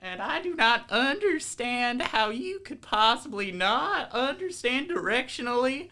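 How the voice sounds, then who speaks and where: A woman's voice: a little high, big pitch swings, measured pace, bright, forceful tone, exaggerated voice. A woman voicing a laid-back backwoods banjo player by his campfire, with a drawling, teasing delivery in a tabletop game. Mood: indignant.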